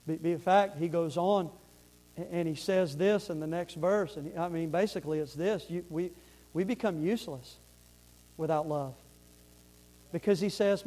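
Man, preacher, high voice, fervent sermon, repeats himself, asks if everyone follows. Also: moderate pace, mellow.

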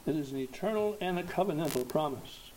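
A man preaching a sermon, slow and emphatic, rising to loud exhortation at its peaks. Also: on the high side, expressive, slight background noise, rough recording.

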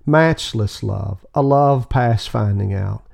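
A man's voice: fairly low pitch, creaky, darkish tone. Solemn man reading an old sermon. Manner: measured, solemn reading with rising emphasis. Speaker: audiobook reader of a sermon. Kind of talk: scripted devotional reading.

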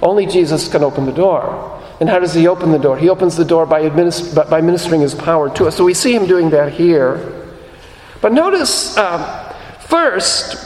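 A man preaching a sermon as pastor, earnest, repeating phrases for emphasis and slowing down on key lines. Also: fairly high pitch, lively intonation. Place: church sanctuary. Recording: echoey hall.

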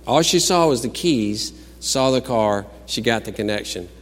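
A man preaching a sermon, swinging between loud exclaimed peaks and quiet, musing storytelling. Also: mid-range voice, animated, moderate pace, in a large hall. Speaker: pastor.

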